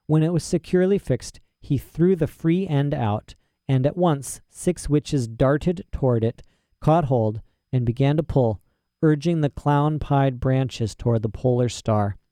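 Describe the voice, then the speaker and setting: A man narrating a storybook in a steady, expressive reading. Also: medium pitch, unhurried, no room sound, studio quality. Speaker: audiobook narrator.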